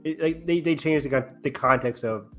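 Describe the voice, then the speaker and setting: A man's voice: on the high side, fairly bright tone, faint music behind. A man co-hosting a podcast, chatting casually about film news with lots of ums and restarts. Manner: rambling, halting with many ums. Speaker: podcast co-host. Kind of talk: casual chat.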